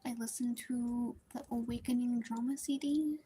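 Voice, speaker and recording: Soft-spoken young woman rambling casually. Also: a little high, fairly even intonation, normal speed, a little hiss or hum. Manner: rambling, filler-heavy storytelling with soft whispered stretches. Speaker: drawing streamer. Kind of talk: casual chat while drawing.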